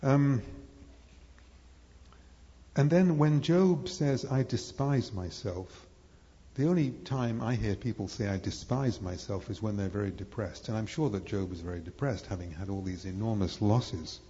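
A man lectures to a live audience in a low, mellow voice, circling back on himself with fillers and restarts. The sound is muffled and lo-fi. A long hall reverb trails his words. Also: normal speed. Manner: rambling and hesitant, with many fillers and restarts. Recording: echoey hall, dull lo-fi sound.

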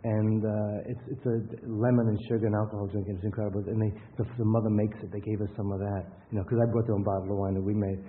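A man's voice: on the low side, level tone, fast, hardly any pauses. A man giving a lecture with anecdotes in a rambling, conversational way, often restarting his sentences. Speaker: workshop lecturer. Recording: tinny phone-like sound with faint hiss.

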